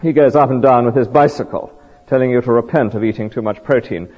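A man's voice: mid-range voice, fast talker, husky, in a large hall, muffled recording. A man preaching a sermon, earnest and full of rhetorical questions and vivid stories.

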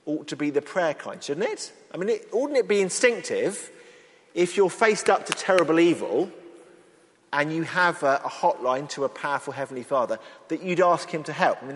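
A man preaching a sermon in an earnest, expressive way, acting out the lines he quotes. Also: on the high side. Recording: long reverb of a large hall.

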